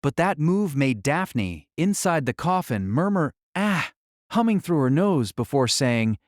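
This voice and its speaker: A man narrating an audiobook with dramatic, expressive delivery. His voice is raised a little in pitch and swings widely in tone. The read is dry and close-miked, with no room sound. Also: a little slow, dry recording.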